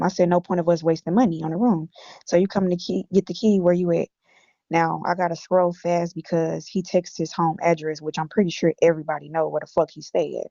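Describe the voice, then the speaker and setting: Low, flat-voiced woman reading texts. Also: no echo. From Illinois. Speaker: guest recounting text messages. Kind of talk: reading text messages aloud on a stream. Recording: dull lo-fi audio.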